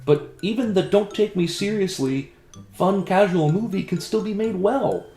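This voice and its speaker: A man's voice: high voice, moderate pace, dark tone, echoey room, faint music behind. A man in a comedy sketch, talking in a dry, sarcastic and critical way. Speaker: comedy video creator. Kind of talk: comedic self-debate sketch.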